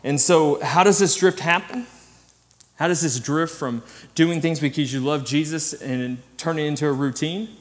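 Pastor preaching in a reverberant hall. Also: male voice, on the high side, normal speed. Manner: animated storytelling with self-deprecating humor. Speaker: student ministry pastor. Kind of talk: sermon. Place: church sanctuary.

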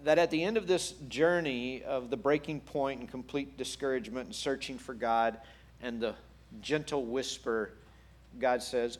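A man preaching a sermon in an animated, playful way with wry humor. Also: medium pitch, normal speed. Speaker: pastor.

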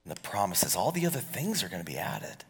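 Forties pastor guy preaching, kinda husky, big echoey hall, gets loud then drops way down. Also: fairly low pitch, quick pace. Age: 40s. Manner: animated preaching, swings from loud to hushed. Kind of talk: sermon. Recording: long hall reverb.

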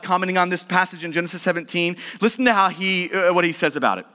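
A man preaching a sermon as pastor, emphatic and building to shouts. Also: high-pitched, fast talker. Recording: long hall reverb.

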